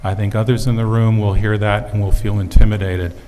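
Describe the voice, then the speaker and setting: Low, flat-voiced meeting chair. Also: male voice, big-room sound, slight background noise. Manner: calm, procedural, measured. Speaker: council chair. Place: council chamber.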